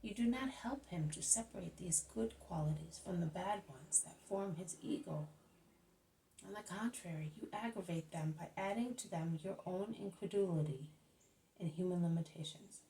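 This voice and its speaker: A grave, patient grown man explains things slowly and earnestly, as a woman reads his lines. The tone sits low and mellow, and the voice is caught from a little distance off the mic, in a storybook reading. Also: slight background noise, lightly acted. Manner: measured, earnest and instructive. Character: calm grave adult male teacher, patient but stern.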